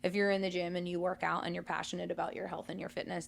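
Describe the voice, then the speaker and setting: A woman co-hosting a conversational podcast, reflecting candidly on her past in a relaxed, storytelling way. Her voice sits a little low and crackles with gravelly fry. She talks easily, with small fillers along the way. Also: fast talker, few pauses. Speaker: podcast co-host.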